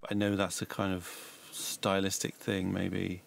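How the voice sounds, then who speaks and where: Man, deep voice, gravelly, mastering engineer, casual feedback. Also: unhurried, loud music behind the voice. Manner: relaxed, hedging suggestions.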